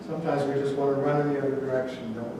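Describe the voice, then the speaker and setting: A man's voice: mid-range voice, level tone, very fast, far from the mic, background noise. A male pastor preaching a sermon in a conversational way, telling stories with light humor. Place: church sanctuary. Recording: echoey church hall from afar.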